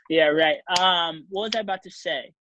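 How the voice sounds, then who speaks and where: A man's voice: high-pitched, measured pace, muffled recording, noisy background. A man co-hosting a podcast, chatting loosely and joking, with many fillers and asides. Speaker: podcast co-host. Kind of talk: casual chat.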